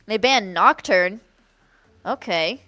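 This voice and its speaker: A young woman giving excitable, giggly color commentary with quick reactions during a live esports broadcast. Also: medium pitch, dry recording, faint music behind.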